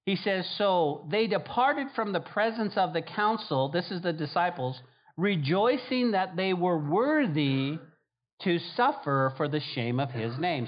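A pastor preaching a sermon in a fairly high voice for a man. He hammers his points home by repeating them over and over. The recording sounds dull and lo-fi. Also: big pitch swings, measured pace. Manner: emphatic, repeats key phrases, acts out quoted voices.

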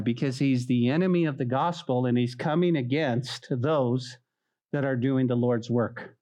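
A male pastor preaches a sermon in a fairly high voice. He talks to his congregation in a conversational way and acts out the quoted voices with lively drama. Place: church hall.

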